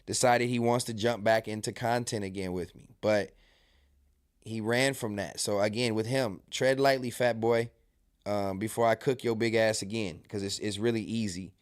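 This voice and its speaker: A man's voice: on the low side, fairly even intonation, moderate pace, dry recording, clean studio sound. Profane trash-talking male streamer. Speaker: live stream host reacting to clips. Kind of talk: casual live stream chat.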